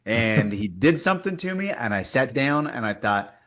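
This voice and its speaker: A man speaking as an interview guest. His pitch swings widely as he tells the story with emphasis and acts out quoted dialogue. He talks at a middling pitch. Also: sing-song, moderate pace, a bit bright. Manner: frequent fillers and restarts, emphatic. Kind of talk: casual conversational interview.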